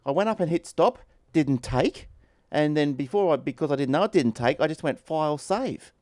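A man's voice: a little high, expressive, normal speed, darkish tone, no room sound, clean studio sound. A man, hosting a podcast, chatting casually and venting in a rambling, exasperated way. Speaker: podcast host. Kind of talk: casual chat.

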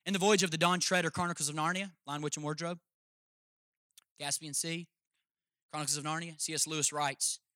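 A man's voice: fairly high pitch, bright, forceful tone, no echo. A man pastor preaching a sermon, emphatic and speaking straight to his listeners with questions.

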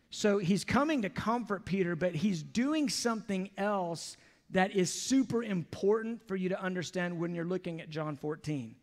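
A man preaching in a big church hall, his voice sitting high for a man. He talks to the congregation loosely and conversationally, dropping in casual asides. Long reverb trails off each phrase. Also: a little slow, a little mellow. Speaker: pastor. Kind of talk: sermon. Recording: long echo from a large hall.

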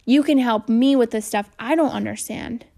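A woman voicing a mild, good-natured young schoolboy who speaks softly and reasonably. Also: a little high, normal speed, gravelly. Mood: patient. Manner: soft-spoken, reasonable.

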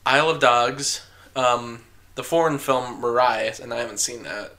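Talking about film awards on his podcast, this male host is chatty and opinionated, laughing and filling pauses often. He speaks unhurriedly in a mid-range voice with fairly even intonation, sounding pushed and bright.

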